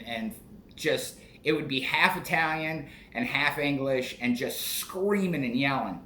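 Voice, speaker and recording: A man's voice: mid-range voice, sharp tone. A man in his forties telling a story in a casual, profane, rambling way, often restarting his sentences. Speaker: podcast host. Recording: echoey room, faint noise.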